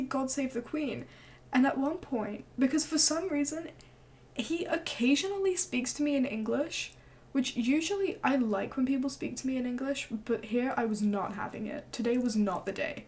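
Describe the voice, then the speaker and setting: A young woman streamer telling a story in casual chat, animated and swearing freely as she acts out what people said. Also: sits high.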